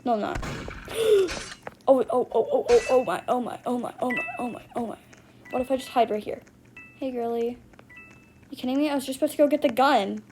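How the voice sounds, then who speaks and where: A woman's voice: on the high side, lively intonation, fairly quick, long pauses, music in the background, low-quality recording. A woman giving dramatic, exclamatory gameplay commentary as she plays. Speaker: gamer.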